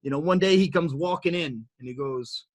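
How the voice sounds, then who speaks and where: A man being interviewed as an entrepreneur, telling his story in an animated, motivational way that builds to emphatic peaks, with frequent repeated words and restarts. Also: fairly high pitch, fairly quick. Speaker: guest entrepreneur.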